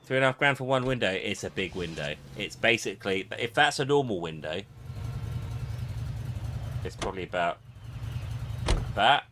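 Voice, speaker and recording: A man's voice: lowish voice, lively intonation, moderate pace, long pauses, noisy background. A man casually commenting as he plays a game, rambling and joking. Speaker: game streamer. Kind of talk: casual let's-play commentary.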